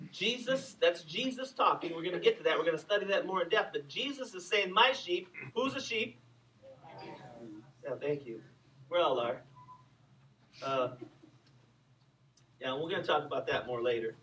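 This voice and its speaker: A middle-aged man preaching a sermon in an animated, conversational way, with asides to his listeners. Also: high voice, recorded from a distance, rough recording. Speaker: pastor.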